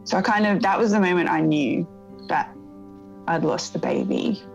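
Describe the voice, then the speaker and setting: A woman in her thirties telling a painful personal story in an interview, in a soft, reflective way that often halts and starts again. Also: on the low side, creaky, muffled recording, faint music behind. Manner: soft, reflective, halting with restarts. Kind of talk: emotional personal testimony.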